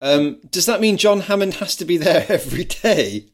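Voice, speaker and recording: A man's voice: sits high, expressive, moderate pace. Chatty man, podcast co-host. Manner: chatty, often laughing. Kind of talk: casual film discussion.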